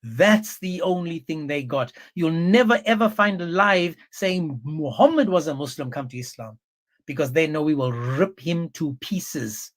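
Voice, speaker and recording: A man hosting a livestream, talking in a forceful, scornful, repetitive way. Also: fairly high pitch, lively intonation, a little slow, few pauses. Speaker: livestream host. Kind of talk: heated livestream commentary.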